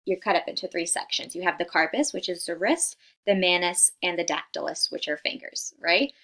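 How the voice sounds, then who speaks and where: A woman's voice: on the low side, fairly quick, a bit bright. Young woman talking over her slides, lots of um and like, keeps asking right?, trips on big science words. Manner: chatty, many fillers, asks "right?" often; apologizes for stumbling over hard scientific words. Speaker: student presenter. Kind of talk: casual class presentation over slides.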